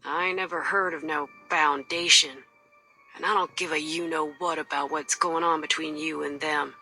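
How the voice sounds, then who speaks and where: A gruff, husky mercenary. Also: female voice, sits low, steady tone, normal speed, bright, forceful tone, faint music behind, full character voice, low-quality recording. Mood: dismissive. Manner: gruff, threatening, folksy drawl. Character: tough, cold female mercenary with a shotgun. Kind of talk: video game voice acting.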